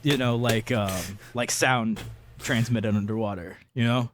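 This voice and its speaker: A man's voice: mid-range voice, fairly even intonation, unhurried, over music. A man co-hosting a podcast, chatting casually with strong opinions and frequent swearing. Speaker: podcast co-host. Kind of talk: casual chat.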